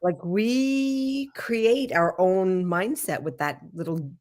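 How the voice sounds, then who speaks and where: A woman co-hosting a casual wellness chat over a video call, lively, chatty and encouraging, with playful asides. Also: mid-range voice, takes it slowly, slight background noise. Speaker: wellness program co-host.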